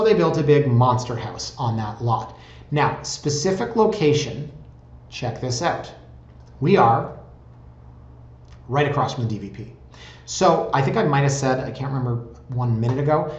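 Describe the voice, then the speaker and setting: A man, a real estate blogger, talks casually through home listings with sarcastic asides and frequent tangents. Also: mid-range voice. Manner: chatty, sarcastic, prone to tangents. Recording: roomy, slightly dull recording.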